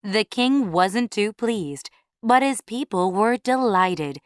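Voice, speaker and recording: A woman reading a storybook aloud in a clear, measured way for English learners. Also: mid-range voice, animated, dry recording, clean studio sound.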